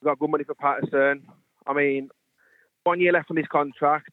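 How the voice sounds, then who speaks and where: Calling a radio phone-in show, this West Midlands man talks in earnest, peppering his points with "um" and "I think." His voice runs on the high side, steady and brisk, coming through a tinny phone line with no echo.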